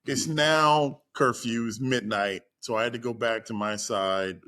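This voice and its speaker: A man spinning a personal anecdote in relaxed conversation. He talks in a middle-pitched voice and livens the tale by acting out the voices of the people he quotes. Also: a little slow. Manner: animated, acts out quoted voices. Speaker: guest storyteller. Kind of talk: casual storytelling.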